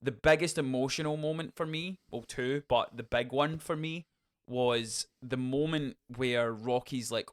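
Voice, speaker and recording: A young man co-hosting a podcast, chatting excitedly about a film and acting out quotes in voices. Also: medium pitch, unhurried. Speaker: podcast co-host. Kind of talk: casual film review chat.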